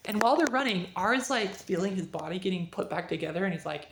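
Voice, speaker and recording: A woman talking through a book review in a casual, chatty vlog, acting out the dialogue with sudden jumps in pitch. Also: sing-song, quick pace, few pauses.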